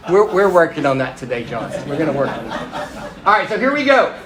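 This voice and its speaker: A man's voice: a little high, big pitch swings, a little fast, reverberant, low-quality recording. A middle-aged man giving a conversational storytelling sermon to a congregation, speaking to the crowd directly and poking fun at himself. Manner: conversational and self-deprecating, addresses the crowd directly. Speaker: pastor.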